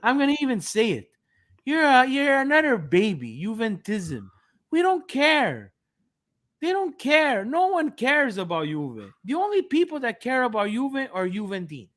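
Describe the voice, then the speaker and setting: A man co-hosting a football podcast, talking in an animated, sarcastic, ranting way. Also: extremely high pitch, normal speed. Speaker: podcast co-host. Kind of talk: casual podcast chat.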